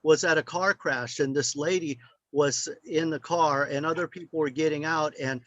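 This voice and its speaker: A man's voice: a little high, moderate pace, a bit bright, no echo, muffled recording. Older male guest speaker, meandering anecdotal delivery, dry and close. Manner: rambling, anecdotal, with many fillers. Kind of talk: storytelling.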